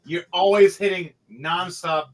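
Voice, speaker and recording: A man narrating as dungeon master of a tabletop game, animated, rambling and profane. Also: high-pitched, unhurried.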